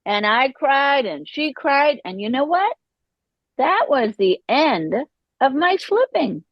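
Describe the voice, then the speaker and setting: A woman, a podcast guest, telling her personal recovery story in an animated way, acting out the voices she quotes. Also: sits high, slow, no room sound, dull audio.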